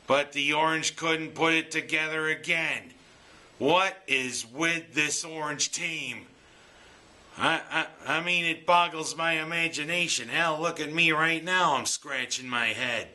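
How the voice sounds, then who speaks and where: A man's voice: fairly high pitch, measured pace, pushed and bright. A man ranting about his local football team's loss in an exasperated, joking sports monologue. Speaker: sports commentator.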